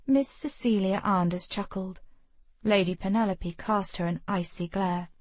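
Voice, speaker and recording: Brief: even woman narrator, mid pitch, dry close mic. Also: a little slow, dry recording. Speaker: audiobook narrator. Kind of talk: scripted narration.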